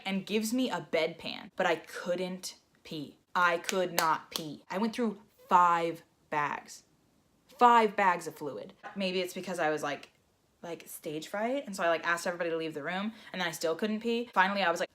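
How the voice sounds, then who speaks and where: A young woman telling a personal story in a vlog, animated and acting out the voices she quotes. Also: on the low side, moderate pace. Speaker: vlogger.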